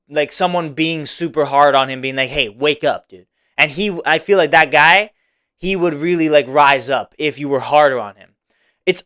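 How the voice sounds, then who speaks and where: A man's voice: fairly high pitch, sharp tone, clear, resonant tone. Young man rambling with lots of fillers. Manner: rambling, many fillers like "like" and "right?". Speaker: podcast host. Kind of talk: casual solo podcast monologue.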